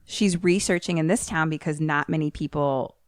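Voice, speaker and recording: A woman co-host with a mixed American accent, a little Philly and Maryland, rambles through a film plot and acts out the characters' lines as she goes. Her voice sits a bit low. The sound is dry and close, with no room around it. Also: normal speed, no echo. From United States. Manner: loose, rambling retelling full of "like" and quoted lines. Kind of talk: casual chat.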